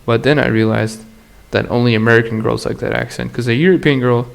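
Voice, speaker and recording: A man hosting a solo podcast, drifting from one thing to the next in loose, crude slang and laughing as he goes. His voice has a gravelly, fried edge and sits at an ordinary middle pitch. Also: steady tone, fairly quick. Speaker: podcast host. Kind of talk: casual solo podcast monologue.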